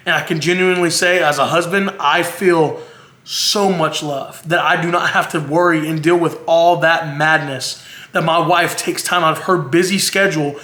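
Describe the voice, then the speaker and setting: A man's voice: fairly high pitch, steady tone, normal speed, bright, forceful tone, roomy sound. A man speaking to his viewers in an earnest, rambling way, emotional and close to tears. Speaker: vlogger, husband. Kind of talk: heartfelt to-camera monologue.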